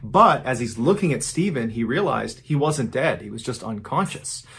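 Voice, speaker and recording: A man narrating a true crime story in a measured, grave storytelling manner, acting out the quoted lines. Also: medium pitch, lively intonation, creaky, fairly bright tone, slightly rough.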